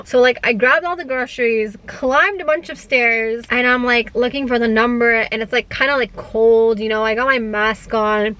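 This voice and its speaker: A young woman, speaking at a somewhat high pitch. She chats to camera in a loose vlog style, full of "like" fillers. She tells her stories with lively animation. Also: brisk, few pauses, rough recording. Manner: chatty, heavy use of "like" fillers; animated storyteller. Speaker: gig-work vlogger. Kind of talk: casual chat to camera.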